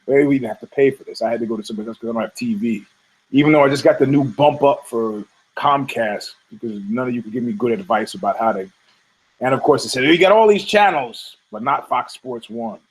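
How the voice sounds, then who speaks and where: A man's voice: mid-range voice, fairly even intonation, fast, breathy edge, poor audio. A middle-aged man hosting a podcast, ranting in a rambling, sarcastic, profane way. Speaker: podcast host. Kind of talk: casual rant.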